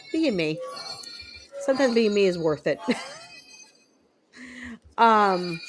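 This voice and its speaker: A woman's voice: mid-range voice, rough recording. A woman streamer chatting casually with her viewers while playing a video game, upbeat and full of ums. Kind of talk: casual chat while gaming.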